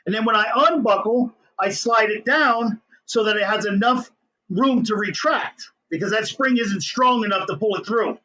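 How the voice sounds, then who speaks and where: A middle-aged man, an inventor telling his story as an interview guest in an excitable, hyper way. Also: high voice, moderate pace, poor audio.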